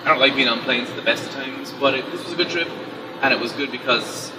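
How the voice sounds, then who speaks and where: A man's voice: medium pitch, quick pace. An Irish man from Ireland, chatting easily as a guest in a casual interview. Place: convention city outdoors, trains passing. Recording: distant mic, loud street noise.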